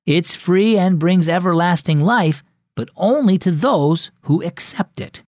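A man voicing a kind, patient mother who explains things gently in a storybook reading. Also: sits high, measured pace, no echo, clean studio sound, pitched above the performer's own voice. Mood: gently teaching.

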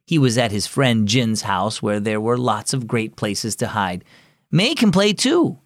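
A man hosting and narrating a scripted children's devotional story, reading clearly and expressively. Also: lowish voice, fairly even intonation, unhurried, dry recording, studio quality.

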